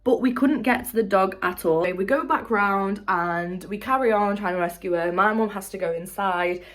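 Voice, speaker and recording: A young woman tells a story straight to camera. She is chatty and animated, swearing freely, with an everyday mid-range voice. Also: mid-range voice, moderate pace. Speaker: vlogger. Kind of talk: casual storytelling vlog.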